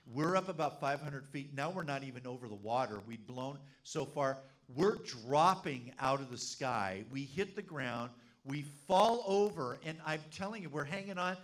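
A middle-aged man preaching a sermon as pastor, telling a funny story with lively energy. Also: mid-range voice, normal speed, few pauses. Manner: animated, humorous storyteller.

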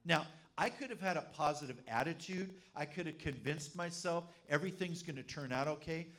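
A middle-aged man preaching a sermon as pastor, telling a funny story with lively energy. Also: fairly high pitch, a little fast. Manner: animated, humorous storyteller.

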